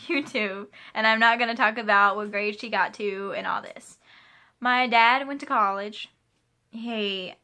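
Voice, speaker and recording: Bright chatty young woman vlogger. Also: fairly high pitch. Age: 20s. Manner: chatty, rambling, laughs and asides. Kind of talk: casual chat answering a question tag. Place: home room with a pet playing.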